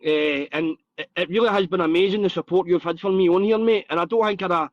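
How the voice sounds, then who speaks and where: A man hosting a casual live podcast chat, blunt and sweary but warm and open. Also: high-pitched, quick pace, no echo, dull audio. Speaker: host.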